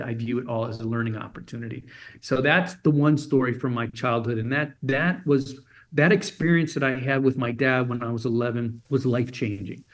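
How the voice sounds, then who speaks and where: A lively man in his fifties tells a story from his youth as an interview guest, with a voice of ordinary pitch for a man. He acts out each exchange and keeps using "he goes" between lines. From United States. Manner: animated storyteller, acts out dialogue with many repeated "he goes".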